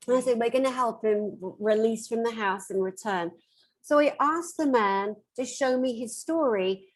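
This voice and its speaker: A woman with a slightly high voice tells a story to a conference panel. She acts out the quoted lines of the people in the story with lively energy. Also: husky, poor audio. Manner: animated, acts out quoted dialogue. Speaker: metaphysical therapist.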